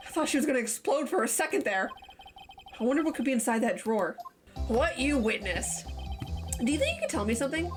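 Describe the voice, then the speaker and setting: A woman streamer chatting casually and playfully while reading game dialogue aloud. Her voice sits slightly high and moves with a lot of liveliness. Game music plays clearly behind her. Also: sing-song, a little fast. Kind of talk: casual let's-play commentary.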